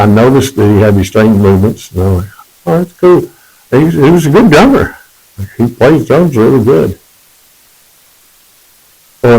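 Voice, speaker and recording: A man's voice: lowish voice, a little mellow, low-quality recording. A man telling his personal testimony in a rambling, conversational way, correcting himself as he goes.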